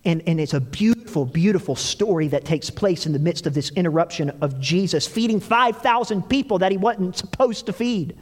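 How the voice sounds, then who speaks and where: A man preaching a sermon, telling stories with animated delivery and acting out quoted lines. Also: sits high, normal speed, hardly any pauses, long reverb tail. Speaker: pastor.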